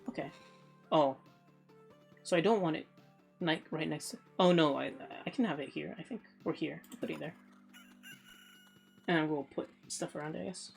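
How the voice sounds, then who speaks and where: A woman's voice: low voice, moderate pace, vocal fry, long pauses, soft background music. A woman streamer giving casual let's play commentary, thinking aloud in a rambling, offhand way.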